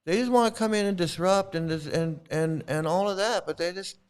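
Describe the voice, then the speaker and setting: A man with a somewhat high voice hosts a livestream and talks straight to his chat. He argues in a combative way, often repeating himself and restarting sentences as he answers viewers. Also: a little fast, clean tone. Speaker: livestream host.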